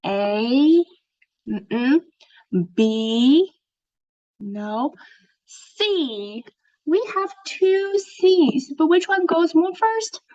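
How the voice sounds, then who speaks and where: A woman teaching an English lesson, speaking slowly, clearly and encouragingly, as if to young learners. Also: a little high. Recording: dull lo-fi sound.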